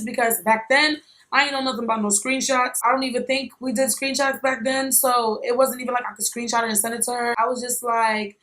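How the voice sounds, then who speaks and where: A woman vlogger telling a personal story in a blunt, animated, slangy way, with some swearing. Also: fairly high pitch, fairly quick, rough recording. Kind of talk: casual storytime.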